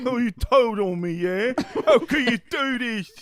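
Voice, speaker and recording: This is a silly, giggling Englishman in a put-on English accent, as a man plays him for laughs. The voice sits very high and teases in a sing-song way. Loud crowd laughter rolls behind the podcast clip. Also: lively intonation, takes it slowly, exaggerated voice. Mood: mocking giggly.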